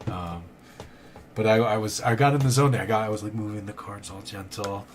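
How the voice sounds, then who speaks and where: A man's voice: on the low side, fairly even intonation, brisk, a little hiss or hum. A man streaming tarot readings live, chatting casually, rambling and thanking viewers by name. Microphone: studio condenser mic.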